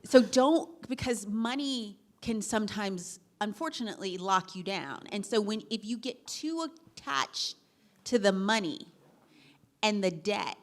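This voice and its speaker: A middle-aged woman on a discussion panel giving practical career advice, animated, with laughing asides and acted-out quotes. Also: medium pitch, unhurried.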